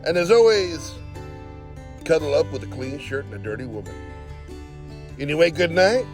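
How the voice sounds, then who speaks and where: A man's voice: a little high, lively intonation, normal speed. Folksy wisecracking man over guitar. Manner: folksy mock-cowboy drawl, wisecracking. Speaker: show host commentator. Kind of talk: joking commentary over clips. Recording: light guitar music underneath. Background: guitar music.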